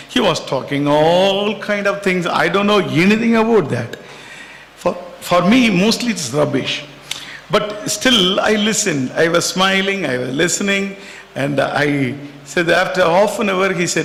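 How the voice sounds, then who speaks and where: A high-voiced man preaches with fervor, repeating his key lines again and again. He tells personal stories between his points. His voice echoes around a large church hall with a long reverb. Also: unhurried, vocal fry, a bit bright. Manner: fervent, repetitive, storytelling. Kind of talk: sermon.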